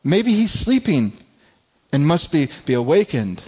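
A man doing a loud mocking prophet. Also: fairly high pitch, sing-song, a little slow, slightly rough, in a large hall, highs cut off, pitched above the performer's own voice, exaggerated voice. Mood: mocking taunt. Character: defiant male prophet taunting rivals.

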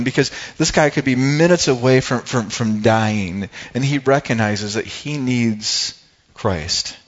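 A man's voice: medium pitch, muffled recording. A man preaching a sermon as a pastor, earnest and emphatic.

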